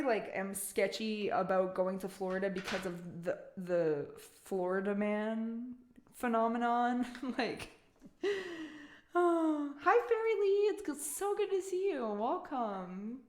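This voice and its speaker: A woman's voice: fairly high pitch, reverberant. A woman with a Canadian accent, chatting casually with her live-stream chat in a giggly, talkative way. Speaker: music streamer.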